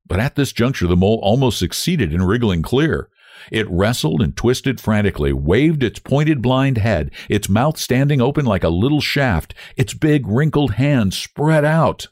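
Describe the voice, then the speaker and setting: A man reading a story aloud as narrator, in an expressive, dramatic manner. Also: medium pitch, moderate pace, no room sound, clean studio sound. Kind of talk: scripted narration.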